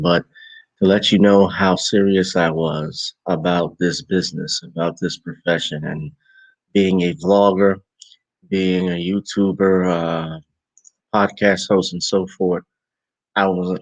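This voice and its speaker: A man with a New Orleans accent talks slowly and loosely on a late live stream, tired and yawning, his voice low and gravelly. The sound is close and dry, with no room around it, and he rambles and corrects himself as he goes. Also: dry recording, poor audio. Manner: rambling, relaxed, self-correcting. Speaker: vlogger and podcast host. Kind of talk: casual live-stream talk.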